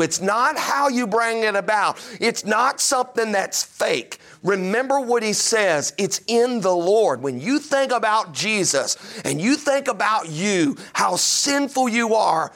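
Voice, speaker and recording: A man's voice: sits high, a bit bright. A middle-aged man preaching a sermon, emphatic and full of rhetorical questions. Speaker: pastor.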